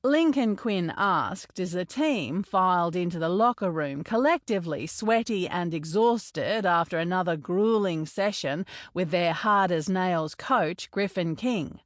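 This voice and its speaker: Woman audiobook narrator, low voice, dry booth sound. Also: animated, unhurried, hardly any pauses, no echo.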